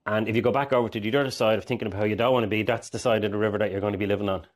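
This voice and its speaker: A man's voice: lowish voice, steady tone, racing. A man speaking as a mindset coach, earnest and rambling, often acting out inner voices. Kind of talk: direct-to-camera coaching talk.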